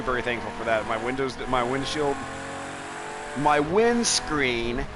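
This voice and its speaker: A man's voice: mid-range voice, noisy background. A man streaming a racing game, chatting casually and telling rambling stories with lots of swearing and chuckles. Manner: rambling, profane, chuckling storyteller. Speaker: gaming streamer.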